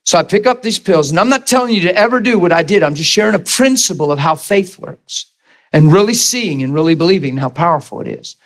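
Middle-aged male preacher, animated storytelling, slightly high voice, lively swings in pitch. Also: a little fast. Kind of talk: sermon with personal story.

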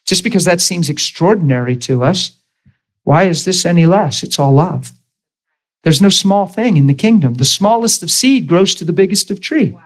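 A man's voice: high-pitched, expressive, moderate pace, rough recording. Male preacher telling a story. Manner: storytelling, acts out dialogue with shifts in loudness. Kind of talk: sermon.

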